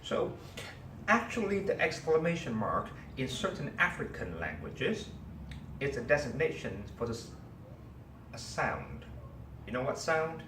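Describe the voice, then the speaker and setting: A teacher in an echoey room tells his class a story in an animated way, questioning the students and pausing often. His mid-range voice is a little slow; the mic is distant, with faint ambience and background noise.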